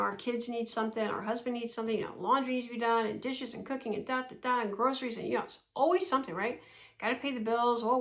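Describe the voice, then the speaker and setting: A woman's voice: a little high, fairly bright tone. A woman in her sixties talking casually to camera at home, chatty and rambling, laughing often. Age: 60s. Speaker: vlogger.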